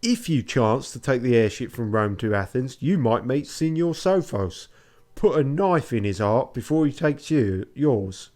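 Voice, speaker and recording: A man's voice: medium pitch, expressive, measured pace, a little mellow, lightly acted. A man voicing a haughty, fiery young Venetian woman in a Cockney accent, scornful and cursing.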